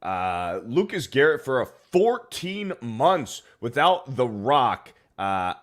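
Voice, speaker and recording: Lively-voiced man reading super chats. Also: mid-range voice, slow pace. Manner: reads viewer messages aloud, laughing often. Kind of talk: casual livestream chat.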